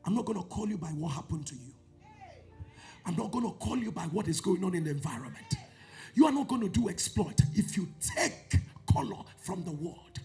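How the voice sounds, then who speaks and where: Animated preaching man with Nigerian accent. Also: normal speed, faint music behind. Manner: dramatic, swings from loud shouting to low murmurs, sing-song cadence. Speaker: pastor. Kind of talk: sermon.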